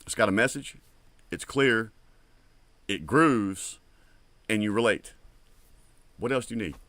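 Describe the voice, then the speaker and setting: Man, music reaction host, casual rambling chat, lowish voice, dry sound. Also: measured pace, dry recording. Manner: rambling, animated, swears casually.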